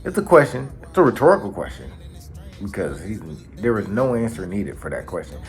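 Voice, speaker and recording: A man hosting a casual recap in an animated, slangy storytelling manner. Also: lowish voice, brisk, soft background music. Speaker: anime channel host. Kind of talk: casual manga chapter recap.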